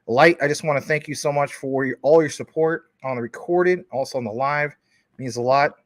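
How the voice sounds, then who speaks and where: A man's voice: mid-range voice, normal speed, no room sound. A man co-hosting a casual livestream, greeting viewers and reading their comments in an upbeat, jokey way. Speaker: livestream co-host.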